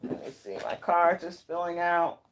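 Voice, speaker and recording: There's slight background noise as a woman with a lowish voice reads tarot on a live stream at a moderate pace. She's casual and friendly, meandering from topic to topic and greeting viewers by name.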